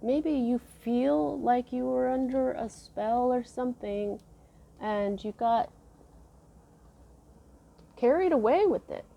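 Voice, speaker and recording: A woman giving a casual tarot reading, musing slowly with many fillers and restarts. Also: fairly high pitch, vocal fry, lo-fi sound. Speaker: tarot reader.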